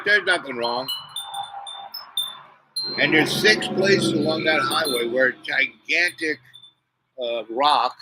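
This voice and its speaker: A man's voice: medium pitch, noisy background. A man rambling to camera in a meandering monologue, full of "you know" and restarts, sitting outdoors on a porch. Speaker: vlogger.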